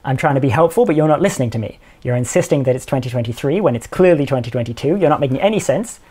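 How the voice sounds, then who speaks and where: A man's voice: medium pitch, expressive, racing, darkish tone, husky. A man voicing an insistent, defensive chatbot in a stiff, repetitive, assertive way. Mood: indignant. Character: insistent, defensive chatbot, prickly and self-assured.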